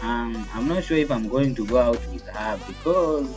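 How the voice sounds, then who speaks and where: A man's voice: mid-range voice, expressive, normal speed, darkish tone, faint music behind. A young man chatting casually with his voice assistant, hesitant and rambling with lots of fillers. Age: young adult. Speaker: tech video creator.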